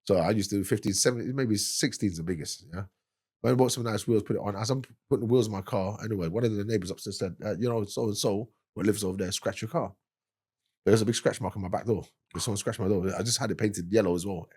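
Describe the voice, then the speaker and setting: A man's voice: lowish voice, fast, a little mellow, slightly rough. A man with a London accent telling a wild story from his past as a podcast guest, in loose street slang and laughing as he goes. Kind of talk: casual storytelling.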